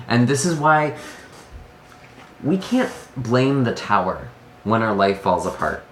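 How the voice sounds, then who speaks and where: In an echoey room with a little background noise, a male tarot reader speaks to the camera, giving an earnest, emotional reading and sighing often between thoughts. His mid-range voice is fairly bright and sing-song, and he talks slowly.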